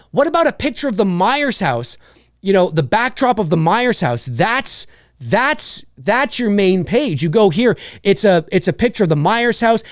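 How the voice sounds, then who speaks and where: A man hosting his own live show, giving his opinion in an animated, loose way, restarting sentences and repeating phrases for emphasis. His voice sits high and swings widely in pitch. The sound is dry, with no room in it. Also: no echo. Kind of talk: casual opinion talk.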